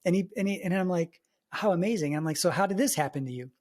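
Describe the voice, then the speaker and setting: Brief: male podcast co-host, lively anecdote teller who voices the people he quotes. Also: sits high, fast. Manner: animated storyteller, acts out quoted voices. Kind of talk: casual chat.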